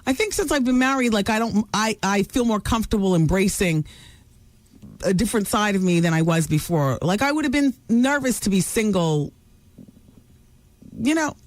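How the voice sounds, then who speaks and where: A woman's voice: mid-range voice, animated, normal speed, no room sound. A woman hosting a talk radio show, dishing celebrity gossip in a brassy, teasing manner.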